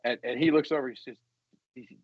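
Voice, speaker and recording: A man's voice: medium pitch, lively intonation, brisk, dry recording, highs cut off. A man co-hosting a podcast, telling rambling stories in casual banter. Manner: rambling, storytelling, laughs a lot. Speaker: podcast co-host.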